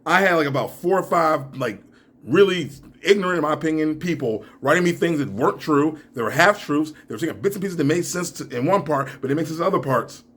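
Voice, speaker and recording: A young adult man giving reaction commentary in a video, ranting and laughing, his voice rising to near shouts and sinking to mumbles. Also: on the high side, animated, quick pace. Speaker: YouTuber.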